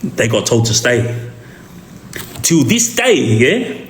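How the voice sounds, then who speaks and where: Aussie guy telling a story, animated, keeps going "yeah?", echoey room. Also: mid-range voice, takes it slowly, slight background noise. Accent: Australian. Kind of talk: casual street storytelling. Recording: roomy echo.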